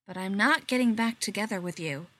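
A woman voicing a gentle but firm young woman ending a relationship, speaking softly, in a storybook reading. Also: mid-range voice, a little fast, dry recording, close to an everyday voice. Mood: gently firm. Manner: soft, firm.

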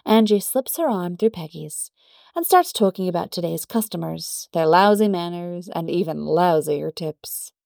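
A woman reading a story aloud in measured, even narration. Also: fairly low pitch, vocal fry, dry recording, clean studio sound. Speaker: story reader. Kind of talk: scripted narration.

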